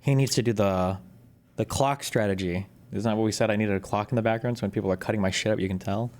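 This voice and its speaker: A man streaming casual commentary on news clips, sarcastic and profane, often jumping into loud mocking outbursts. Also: lowish voice, fast talker.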